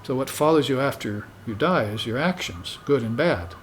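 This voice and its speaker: A man giving a spiritual dharma talk to students in an unhurried, conversational way, often tagging his points with "you see". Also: mid-range voice, lively intonation, a little hiss or hum. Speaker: spiritual teacher.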